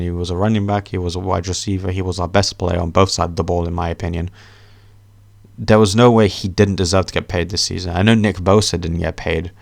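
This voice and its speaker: A young man hosting a podcast, ranting about sports in a casual, animated way, swearing often. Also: deep voice, gravelly, no room sound. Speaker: podcast host.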